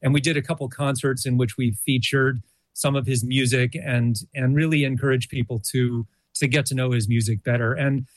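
A man's voice: medium pitch, fairly even intonation, normal speed, dry recording. A man, a college jazz orchestra co-director, answering interview questions thoughtfully, with frequent fillers and restarts. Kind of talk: radio interview.

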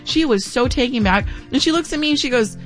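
Lively chatty woman telling a story. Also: high voice, a little fast, soft background music. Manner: chatty, laughs often, acts out quoted people. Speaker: radio devotional speaker. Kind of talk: casual storytelling.

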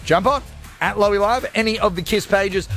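A man's voice: high-pitched, moderate pace, fairly bright tone, soft background music. A male radio host chatting on air in a playful, jokey, rambling way from a studio. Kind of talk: energetic radio show chat.

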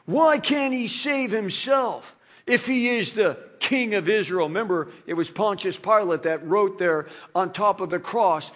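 A man preaching a sermon, reading scripture aloud and breaking into animated, dramatic asides. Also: high voice, breathy edge.

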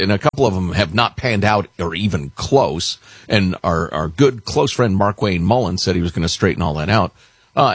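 A man's voice: lowish voice, a bit bright, husky, dry recording. A man hosting a political talk radio show, chatting casually with a wry, sardonic edge.

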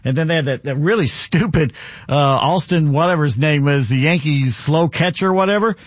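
A man hosts a casual sports talk radio show, rambling and opinionated as he tells lively stories and gives scores into a studio broadcast mic. His voice is fairly high at a normal speed, and the recording is dry and dull.

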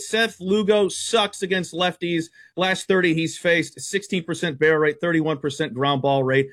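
A man's voice: sits high, a bit bright. A man appearing as a sports betting analyst on a radio show, rattling off stats and picks in a blunt, brash, competitive way. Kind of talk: fast stat-heavy sports betting talk.

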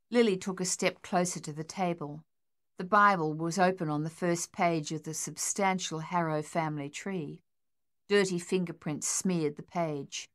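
This is scripted audiobook narration from a lowish-voiced woman, who tells the story at an even, measured pace.

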